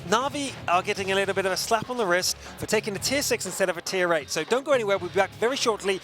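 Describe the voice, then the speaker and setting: A man's voice: high-pitched, very fast, a bit bright. A man from Somerset, England, with a light Somerset accent tinged with American, chatting as an esports caster between matches and searching for words as he rambles. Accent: light Somerset English with an American tinge. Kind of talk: casual chat between matches.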